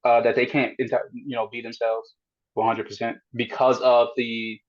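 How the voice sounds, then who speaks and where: A man hosting a podcast asks long, probing questions in casual chat, often restarting his sentences. His medium-pitched voice has little pitch movement and a normal speed, and the sound is lo-fi.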